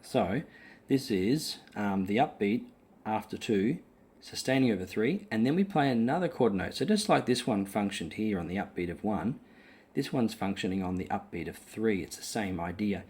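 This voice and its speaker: A man's voice: fairly low pitch, expressive, moderate pace, darkish tone, breathy edge. A man teaching guitar rhythm in an online lesson, explaining patiently with frequent ums and counting the beats aloud.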